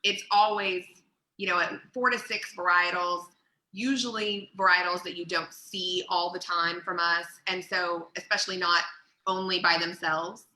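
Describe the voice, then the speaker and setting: A woman's voice: fairly low pitch, steady tone, normal speed, pushed and bright. A woman co-hosting a virtual wine tasting, chatting casually with lots of fillers. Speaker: co-host. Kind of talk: casual chat. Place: virtual tasting video call. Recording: echoey room.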